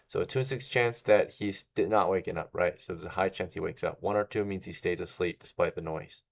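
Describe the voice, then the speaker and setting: A man's voice: low-pitched, fairly quick, creaky. A man narrating as game master in a casual way, often checking in with "right?". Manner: casual, tags lines with "right?".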